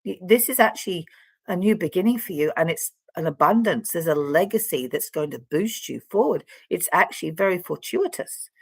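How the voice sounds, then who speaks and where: A woman's voice: lowish voice, animated, brisk, slightly rough, no room sound. A woman giving a casual, chatty tarot card reading straight to the viewer, rambling and speaking to them directly. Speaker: tarot reader.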